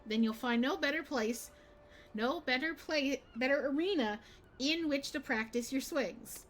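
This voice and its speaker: A woman voicing a long-winded female guild clerk from a seaport, with a US Southern accent and old-fashioned, drawn-out dialect speech. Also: high-pitched, slight background noise. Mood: friendly.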